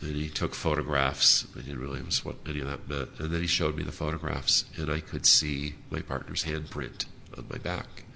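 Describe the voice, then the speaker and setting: A man sharing his personal story as a speaker at a convention, earnest and halting with frequent "uh" fillers. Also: very deep voice, flat delivery, creaky, pushed and bright, slight background noise. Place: hotel convention room.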